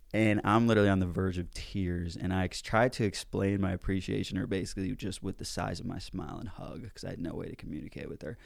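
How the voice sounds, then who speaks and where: A man telling a personal story in a casual, animated way, with some mild swearing, as a self-help speaker. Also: low voice, fast talker, creaky, few pauses, no echo, studio quality. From United States.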